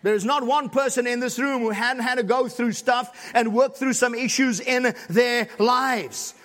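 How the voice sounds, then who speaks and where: A man pastor preaching a sermon, repeating emphatic lines and rising to shouts. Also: very high-pitched. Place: church sanctuary. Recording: long hall reverb.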